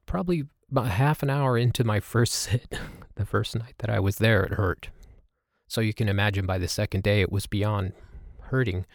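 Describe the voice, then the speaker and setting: A man telling a reflective personal story as a host, halting and with many fillers. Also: lowish voice, gravelly, no echo, clean studio sound. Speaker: podcast host. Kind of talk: personal storytelling about meditation.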